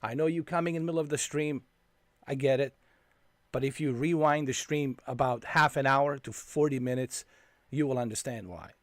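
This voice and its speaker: A man's voice: mid-range voice, steady tone, normal speed, no echo. Male streamer, angry ranting, heavy swearing, dry close sound. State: fuming. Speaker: game streamer. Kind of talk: live stream commentary.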